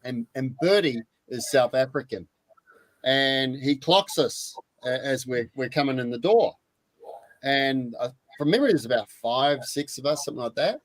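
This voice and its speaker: An Australian man in his sixties telling a story in casual chat, lively and repeating his words as he goes. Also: medium pitch, normal speed, no room sound, rough recording. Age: 60s. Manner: animated anecdote teller, repeats words.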